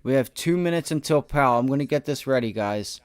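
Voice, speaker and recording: Hosting a day-trading livestream in a clean tone with no echo, a man talks briskly through the markets for his viewers. His commentary is slangy and full of bragging, lurching from loud excitement to low self-directed muttering.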